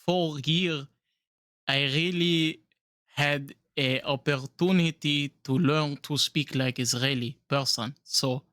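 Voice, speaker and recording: A man's voice: on the high side, takes it slowly, fairly bright tone, dry recording, studio quality. A man hosting a podcast, talking casually with lots of fillers and sarcastic asides. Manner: rambling, filler-heavy, sarcastic. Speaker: podcast host. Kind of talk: casual interview chat. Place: South Florida.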